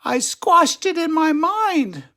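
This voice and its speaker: An older man voicing a calm, peaceful female squirrel in a high sing-song voice for a storybook read-aloud. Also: slow pace, full character voice. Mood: serene.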